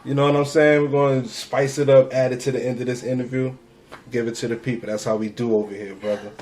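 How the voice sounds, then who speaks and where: A man's voice: mid-range voice, fairly even intonation, fast talker, darkish tone, slight background noise. A man hosting a podcast interview, laid-back and slangy, closing out the show. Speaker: podcast host. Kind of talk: casual interview chat.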